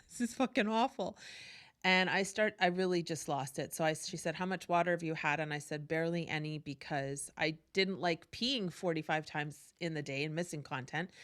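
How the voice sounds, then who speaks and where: A woman's voice: low voice, fairly bright tone. A woman hosting a podcast, telling a personal story in a casual, candid way with profanity and frequent asides. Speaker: podcast host.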